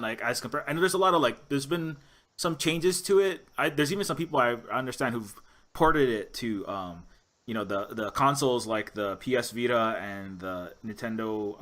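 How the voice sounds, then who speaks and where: A man's voice: mid-range voice, fairly bright tone. A man hosting a podcast interview, rambling with many restarts and fillers. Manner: rambling, lots of "you know" and restarts. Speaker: podcast host. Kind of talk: casual interview chat.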